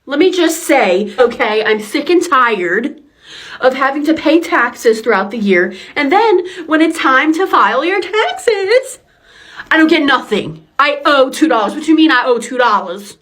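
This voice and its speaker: High-voiced young woman, indignant rant. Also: big pitch swings, a little slow, a bit bright. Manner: indignant, repeating questions. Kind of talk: ranting social media clip.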